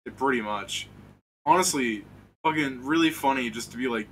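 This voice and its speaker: A man with a bright, forward voice hosts a stream and chats loosely over a voice call. He tells long stories, swears freely and drifts from point to point. A faint hiss sits under his computer mic. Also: medium pitch, normal speed. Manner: rambling, profane storytelling with laughs. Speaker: streamer hosting a tabletop game. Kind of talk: casual pregame chat over voice call.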